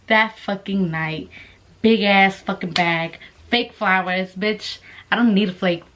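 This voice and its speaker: A woman's voice: mid-range voice, slow, slight background noise. A young woman telling a story in a casual vlog, swearing constantly and acting out the voices of the people in it. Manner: profane, animated storytelling with quoted voices. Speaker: vlogger.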